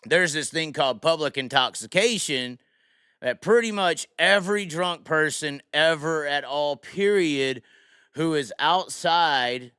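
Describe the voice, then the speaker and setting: A man's voice: mid-range voice, clear, resonant tone, no room sound, clean studio sound. A man hosting a casual live stream, telling a rowdy story with lots of cursing and acted-out voices. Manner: animated, profane, acts out the people in his story. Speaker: podcast host.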